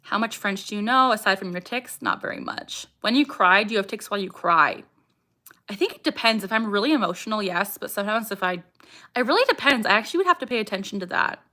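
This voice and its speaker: A woman's voice: mid-range voice, animated, fast talker, sharp tone. Bubbly young woman hosting a livestream. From Canada. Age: young adult. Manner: bubbly, chatty, interrupted by vocal tics. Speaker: livestream host. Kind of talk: casual livestream chat, reading comments.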